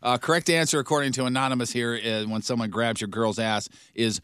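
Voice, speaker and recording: A man's voice: medium pitch, steady tone, brisk, fairly bright tone, slight background noise. A man co-hosting a radio show, reading listener emails aloud with dry asides in casual banter.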